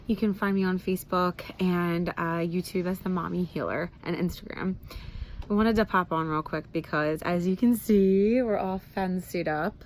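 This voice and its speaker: A woman's voice: fairly low pitch, moderate pace, slight background noise. A woman in her thirties talking candidly in a casual personal vlog, rambling with fillers and restarts. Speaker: vlogger.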